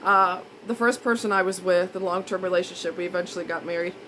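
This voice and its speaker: A woman's voice: lowish voice, quick pace, fairly bright tone, slight background noise, rough recording. A woman vlogger in a casual monologue, blunt and indignant, repeating her points for emphasis.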